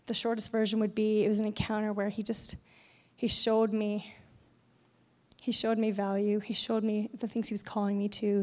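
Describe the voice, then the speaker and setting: Young woman preacher, high-pitched, chatty and animated in her storytelling. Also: long reverb tail. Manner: animated storytelling, acting out voices in quotes. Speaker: speaker at a church event. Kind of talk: conversational sermon with personal story.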